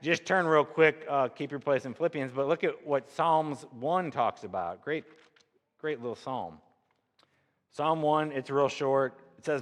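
Man preaching in an echoing hall. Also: mid-range voice. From Missouri, USA. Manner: conversational preaching with rhetorical questions. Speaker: pastor. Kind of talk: sermon.

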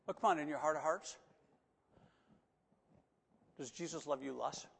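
A man preaching a sermon in a church, animated, swinging from loud emphatic lines to soft, coaxing asides. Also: on the high side, a little slow, gravelly, slightly rough. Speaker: pastor. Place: church sanctuary. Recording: long reverb of a church hall.

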